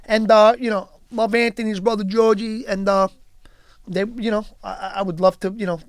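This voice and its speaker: A man's voice: high-pitched, little pitch movement, normal speed, clear, resonant tone, dry recording, studio quality. A man from Yonkers, New York, talking as a guest on a podcast, telling stories in a rambling way full of "you know" and restarts. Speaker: guest actor. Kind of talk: casual podcast chat and storytelling.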